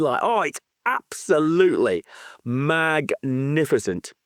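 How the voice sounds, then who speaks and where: Male co-host, lively and excitable, pitch swinging widely, dry close-miked sound. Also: normal speed, no echo. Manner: animated and excitable, swears freely, laughs often. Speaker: podcast co-host. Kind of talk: casual book-club chat.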